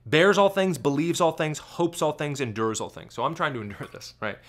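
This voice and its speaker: A man giving commentary on a clip, asking sarcastic rapid-fire questions. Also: on the high side, fairly bright tone.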